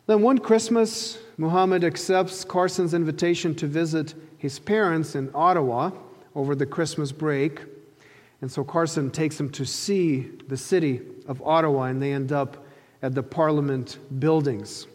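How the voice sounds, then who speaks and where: A man preaching a sermon, telling a story earnestly and slowing down to stress key phrases. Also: fairly high pitch, fairly even intonation, long reverb tail. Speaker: pastor.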